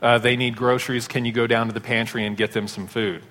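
A pastor preaching a sermon, telling stories in a conversational way. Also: male voice, mid-range voice, level tone, fast, a bit bright. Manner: conversational storytelling. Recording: long hall reverb.

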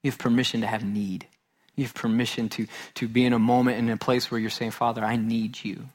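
A male pastor preaching to his congregation. He tells a story with playful self-mockery and acts out the quoted lines loudly. Then he drops to a quiet, earnest voice. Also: medium pitch, little pitch movement, fast. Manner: storytelling with self-mocking humor, swings from loud to hushed. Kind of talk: sermon.

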